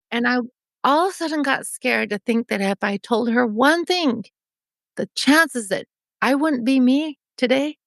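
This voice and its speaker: A woman's voice: a little high, fairly bright tone, dry recording. A woman in her forties from Mexico, a podcast guest telling an emotional personal story and acting out the dialogue. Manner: vivid, acts out remembered dialogue.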